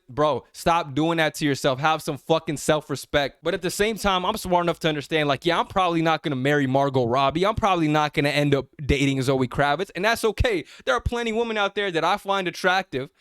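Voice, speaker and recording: Brief: young male vlogger, slightly high voice, dry close mic, mocking and profane, confrontational. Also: fairly quick, hardly any pauses, fairly bright tone, clean tone, dry recording. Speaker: self-improvement vlogger. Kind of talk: blunt direct-to-camera rant.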